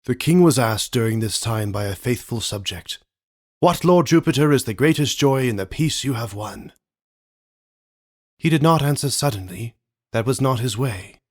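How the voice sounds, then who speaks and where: A man voicing a tender, solemn father rabbit in a storybook, telling an old tale in an earnest, halting way. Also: medium pitch, expressive, darkish tone, lightly acted. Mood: solemn, grieving. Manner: earnest, halting, voice breaking with emotion.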